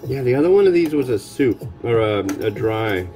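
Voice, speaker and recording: A man's voice: mid-range voice, lively intonation, moderate pace. A man hosting a cooking show, chatting casually in a rambling, wry, offhand way. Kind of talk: casual chat while cooking. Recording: music playing underneath.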